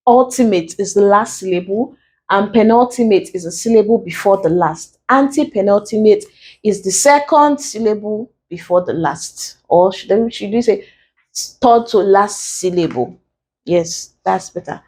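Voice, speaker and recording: A woman with a Nigerian accent teaches exam preparation, deliberately and slowly spelling letters and separating words into syllables step by step. Her medium-pitched voice is darkish with a breathy edge, and the recording is rough.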